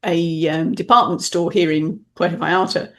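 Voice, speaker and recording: A British woman with a voice on the low side, speaking at normal speed, hosts a casual podcast interview. A message clarity specialist, she tells stories in a chatty, playful, animated manner.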